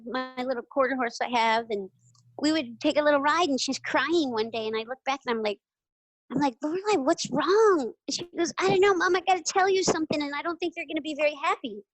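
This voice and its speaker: Middle-aged woman, high voice, animated storyteller, dry close sound. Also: dry recording, low-quality recording. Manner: animated, laughing, acts out quoted voices. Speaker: guest, retired jockey. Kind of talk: casual interview storytelling.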